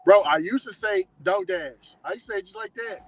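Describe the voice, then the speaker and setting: A man's voice: high-pitched, fast talker, fairly bright tone, slight background noise, poor audio. A man who works as a delivery driver, chatting casually in slang and laughing often. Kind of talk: casual chat.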